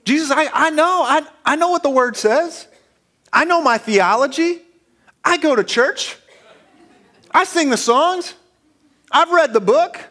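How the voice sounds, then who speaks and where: A man's voice: very high voice, animated, unhurried, long pauses, sharp tone, pitched above the performer's own voice, heavily acted. A man voicing a frustrated, grieving woman who insists over and over that she already knows what her faith teaches. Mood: exasperated. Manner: insistent, repetitive, exasperated listing.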